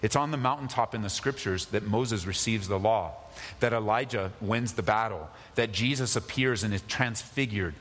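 A man's voice: on the low side, moderate pace, a bit bright, in a large hall. A male pastor preaching a sermon, reading scripture and repeating key phrases with sudden emphasis.

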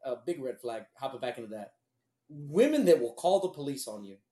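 A man's voice: medium pitch, big pitch swings, fairly quick, dark tone. A man telling a long personal story in a blunt, profane, rambling way. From Houston, Texas. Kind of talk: casual storytelling. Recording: echoey room.

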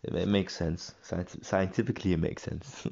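A man's voice: low-pitched, steady tone, normal speed, gravelly, a little mellow, dull audio. A young man hosting a solo podcast, rambling casually with many fillers and restarts. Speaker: podcast host.

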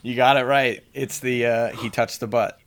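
A young man chatting on a video call, easygoing and quick to apologize, playing a movie-quote guessing game with a friend. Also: medium pitch, steady tone. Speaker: game player. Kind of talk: casual chat.

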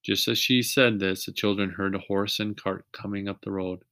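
Reading a children's chapter book to young listeners, this man with a fairly low voice keeps an even, patient, moderate pace and pauses now and then to ask them questions. The recording is plain, close and free of echo.

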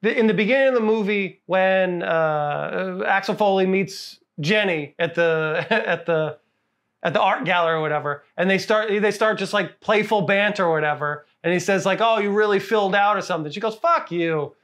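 High-voiced animated man reviewing movies. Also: moderate pace. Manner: animated, laughing, repeats words while searching. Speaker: podcast co-host. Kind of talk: casual movie review chat.

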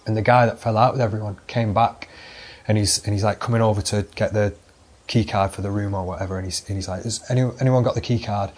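Husky-voiced British bloke telling a story. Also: male voice, lowish voice, fast. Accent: British English. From Britain. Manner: loose, sweary, animated anecdote-telling with many fillers. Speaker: podcast host. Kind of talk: solo rambling storytelling monologue.

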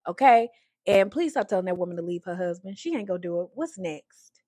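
A woman with a lowish, dark, animated voice speaks at a quick pace in studio-quality audio with no room sound. She gives an opinionated, casual reality show recap, peppered with "like" and restarts, and acts out the show's people in raised voices.

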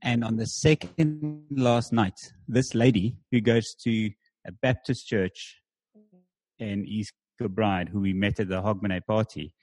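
A man, a church planter, telling anecdotes in a lively interview with fillers like "um" and "like". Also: fairly low pitch, a little slow, dry recording. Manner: animated anecdotes with filler words. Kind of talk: conversational storytelling.

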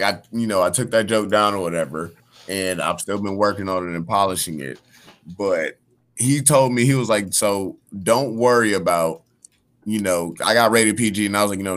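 A man's voice: sits low, fairly bright tone. A man, a guest comedian, telling a story in casual podcast chat and acting out the dialogue.

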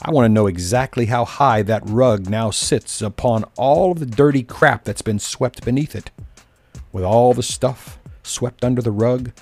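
A man's voice: medium pitch, unhurried, darkish tone, soft background music. A man delivering a scripted political monologue as a commentator, sarcastic and cutting, stacking long punchy lists of insults and grievances.

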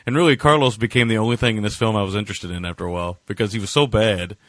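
A man with a lowish voice chats casually about a bad film, speaking in loose, sarcastic asides full of filler words. The recording is close and dry, with no room sound. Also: racing, a bit bright, no room sound. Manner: sarcastic, rambling with many fillers. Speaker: podcast co-host. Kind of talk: casual movie review chat.

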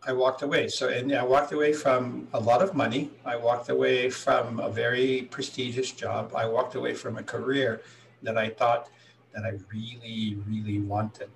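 Gravelly man in his sixties, calm. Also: mid-range voice, moderate pace. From Hawaii. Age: 60s. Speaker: guest, healer. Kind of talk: storytelling interview answers. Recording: voice a little distant from the mic.

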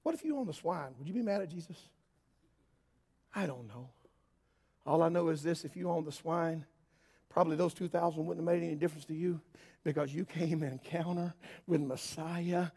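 A man preaching a sermon in a church hall, swinging between yelling and quiet asides. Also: on the high side, normal speed, pauses often, breathy edge. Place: church hall with worship band.

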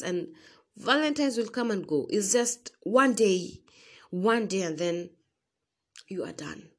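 A woman's voice: medium pitch, animated, measured pace, a little mellow. A young Kenyan woman giving a casual motivational talk to her listeners, preaching and calling them sis. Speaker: vlogger.

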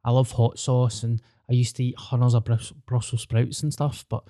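A man's voice: medium pitch, flat delivery, moderate pace, dark tone, no echo, studio quality. A young Scottish man in casual chat, telling stories with heavy slang and swearing. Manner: sweary, storytelling banter with broad slang.

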